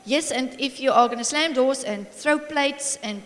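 A middle-aged woman preaching a sermon in a church hall, warm and encouraging, telling family stories with frequent laughter. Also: high-pitched, normal speed. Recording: long reverb of a large hall.

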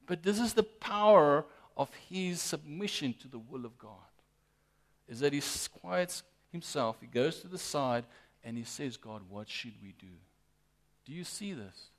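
A man preaching a sermon as pastor, emphatic and lively, often addressing the congregation directly. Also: fairly high pitch, measured pace. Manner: lively, emphatic preaching with frequent "guys" and "amen".

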